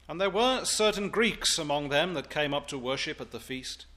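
A man preaching in church, reading scripture aloud in a solemn, deliberate way before his sermon. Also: a little high, pushed and bright. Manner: slow, solemn, deliberate delivery.

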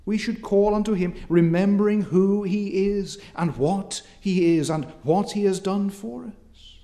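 Preaching through an expository sermon, this man keeps a measured, formal delivery, reads scripture aloud, and grows more forceful when stirred. He has a high voice with a dark tone.

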